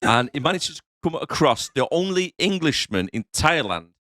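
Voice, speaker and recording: A man's voice: a little high, very animated, normal speed, fairly bright tone, no room sound, clean studio sound. A man co-hosting a podcast who chats playfully and laughs often. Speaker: podcast co-host. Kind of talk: casual movie review banter.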